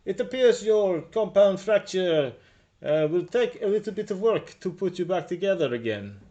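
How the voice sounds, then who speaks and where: A man's voice: high-pitched, animated, moderate pace, mellow, dull audio. A man voicing a shrewd female clinic doctor with a put-on Russian accent, speaking formally and haggling over prices. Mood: businesslike. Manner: formal, hesitant, businesslike upselling.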